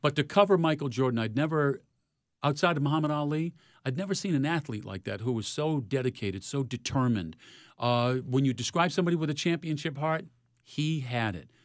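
A retired sports reporter in his sixties, telling lively stories in an interview. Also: a little fast, dry recording, studio quality. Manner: animated storyteller, rising loud in highlights. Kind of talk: storytelling interview.

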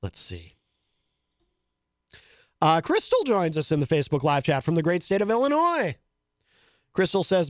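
A man's voice: sits high, huge pitch swings, a little slow, long pauses, no room sound. Rambling self-mocking male podcast host. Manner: rambling, self-mocking, laughs at own jokes. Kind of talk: casual monologue.

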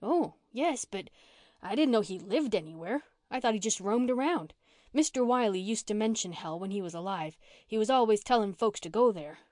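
A woman's voice: medium pitch, expressive, normal speed, warm tone, no echo, studio quality, natural voice. A woman reading an audiobook and voicing a blunt, touchy orphan girl who talks in country slang.

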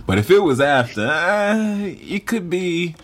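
A man's voice: high-pitched, very animated, takes it slowly, fairly bright tone. A man co-hosting a casual podcast chat, laughing often and breaking into apologetic asides. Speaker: podcast co-host.

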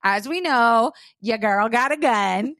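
A woman's voice: a little high, slow pace, no room sound, studio quality. A woman co-hosting a podcast, telling a story in casual chat and laughing as she talks. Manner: animated storyteller, laughs mid-sentence. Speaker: podcast co-host.

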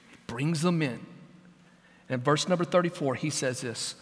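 A man preaching as senior pastor, dramatic, dropping to a hush and then rising to loud, pleading questions. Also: a little high, lively intonation, normal speed, in a large hall. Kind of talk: sermon.

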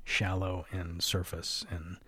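Man, low voice, dry close sound, blunt confessional storytelling, swears a lot. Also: completely flat delivery, takes it slowly, sharp tone, breathy edge, dry recording. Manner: candid, profane, fillers of "right?" and "like". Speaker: podcast host.

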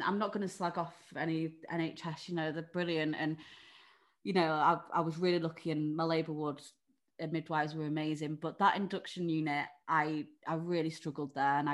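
A young English woman telling a personal story in a frank, chatty way, with lots of "like" and "you know" and some swearing. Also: sits low. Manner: candid, frank, chatty, with swearing and many fillers. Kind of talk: casual conversation.

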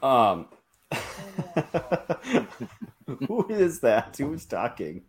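A man's voice: medium pitch, huge pitch swings, drawn-out words, a little hiss or hum. A man hosting a podcast in casual chat, hesitant and thinking aloud, peppered with "like". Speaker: podcast host.

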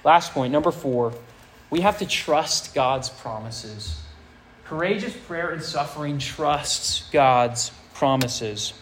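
A male pastor preaching a sermon to a high school audience, reading scripture aloud with earnest emphasis. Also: slow pace, a bit bright, slight background noise, low-quality recording.

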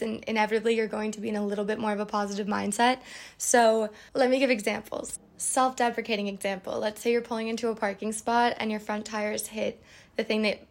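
A young woman hosting a podcast, answering listener questions in a chatty, candid way with playful asides. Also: on the high side. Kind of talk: casual advice chat.

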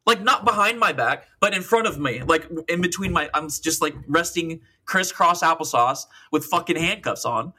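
Here a fairly high, slightly breathy male voice moves at normal speed with few pauses. The young man, a podcast co-host in his twenties, casually spins a long, profane story, rambling and animated, with lots of quoted dialogue.

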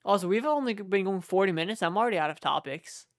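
A man's voice: high voice, animated, quick pace, dry recording, clean studio sound. A young man co-hosting a podcast, chatting casually, joking and swearing as he rambles. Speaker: podcast co-host. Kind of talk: casual chat.

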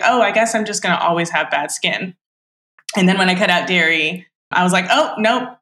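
Thirtysomething woman guest, chatty and reflective, lowish voice, echoey room. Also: sharp tone. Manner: chatty, reflective, many filler words. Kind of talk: casual chat. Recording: roomy echo.

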